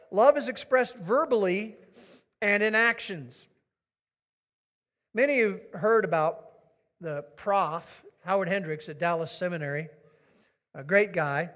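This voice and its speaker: A man's voice: high-pitched, a bit bright. A man preaching a sermon, telling stories in a conversational way and coaxing his congregation to respond. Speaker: pastor. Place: church sanctuary. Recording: long reverb of a large hall.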